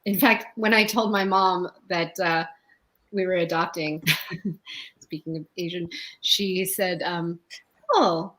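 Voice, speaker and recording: A woman in her fifties doing a stand-up set, telling stories with deadpan punchlines and laughing often. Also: on the low side, takes it slowly, low-quality recording. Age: 50s. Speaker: stand-up comedian. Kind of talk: stand-up set, casual storytelling.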